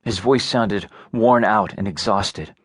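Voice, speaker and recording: A male narrator reads a novel in a measured, even delivery. His voice sits fairly low, recorded on a close studio mic with a dry, dead sound. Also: husky, no room sound. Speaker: audiobook narrator. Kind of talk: scripted narration.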